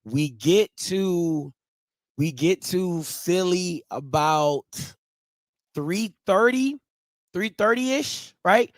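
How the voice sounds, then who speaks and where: A vlogger from Ohio, USA, tells his viewers a casual, slangy story, repeating and restarting phrases along the way. His voice is high and animated but very slow, with no room sound.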